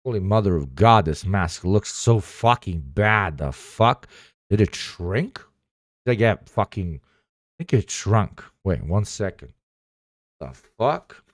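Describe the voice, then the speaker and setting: A man's voice: low-pitched, dry recording, studio quality. A man livestreaming, chatting casually with his viewers in a profane, sarcastic way.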